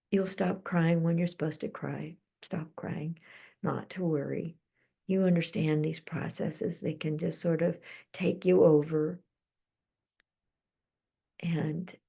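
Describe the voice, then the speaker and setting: A middle-aged woman hosting a live-streamed psychic channeling session, speaking slowly and soothingly and drifting into soft whispers. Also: fairly low pitch, gravelly, husky.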